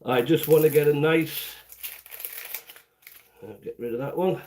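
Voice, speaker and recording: A man's voice: fairly high pitch, a little slow, darkish tone. Chatty man cooking at home. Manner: chatty, rambling step-by-step explaining. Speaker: home cooking channel host. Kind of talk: casual cooking livestream. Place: home kitchen.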